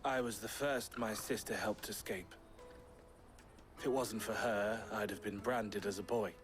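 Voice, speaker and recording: A sly low-voiced smuggler. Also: male voice, fairly even intonation, measured pace, fairly bright tone. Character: sly smuggler man, Eloise's brother Theodore. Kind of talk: video game cutscene dialogue. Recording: game audio with music behind.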